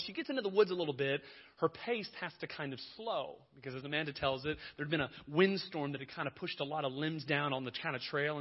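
A young man, a youth pastor, telling a funny story in a sermon, acting out dialogue with self-deprecating humor. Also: a little high. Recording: muffled lo-fi recording.

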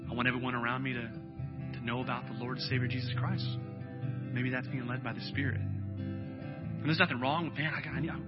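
A man preaching a sermon as a pastor, telling stories in a relaxed conversational way with lots of fillers. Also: medium pitch, brisk, pauses often. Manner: conversational storytelling with frequent fillers. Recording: dull lo-fi sound with faint music.

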